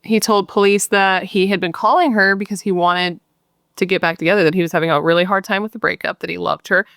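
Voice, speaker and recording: A woman with a fairly low voice tells a true crime case in a loose, chatty way. She is blunt and swears freely, and her voice sits dry and close to the mic with no room sound. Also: fairly even intonation, fast, gravelly, a bit bright, no room sound. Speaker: true crime podcast host. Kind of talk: casual true crime storytelling.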